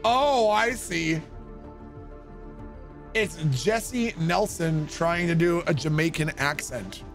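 A male streamer chatting casually with his viewers, excitable and swearing freely. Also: fairly high pitch, takes it slowly, soft background music. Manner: excitable, swearing, laughing often.

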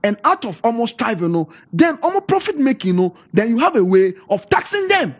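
A Ghanaian-accented man debating on a TV panel, his husky voice swinging widely up and down as he presses each point. He talks emphatically, piling up figures and questions, and slips between English and Twi. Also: very high-pitched, very animated, fairly quick, hardly any pauses. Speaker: political party panelist. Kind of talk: heated political panel debate.

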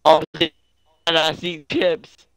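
A young man live-streaming a game, loud and crude, mocking what he watches and laughing often. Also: fairly high pitch, little pitch movement, slow, clean tone, dry recording. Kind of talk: casual live-stream commentary.

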